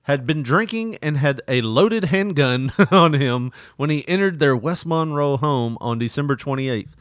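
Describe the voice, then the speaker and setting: A man's voice: on the high side, lively intonation, a little slow, dry recording, clean studio sound. A man co-hosting a casual podcast, laughing often and reading news stories aloud with joking asides. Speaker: podcast co-host.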